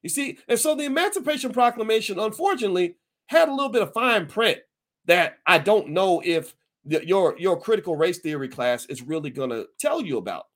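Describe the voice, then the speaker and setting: A man hosting his own podcast, talking to listeners in a folksy, emphatic, animated way and often restarting his sentences. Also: high voice, a little fast. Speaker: podcast host. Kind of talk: casual commentary to listeners.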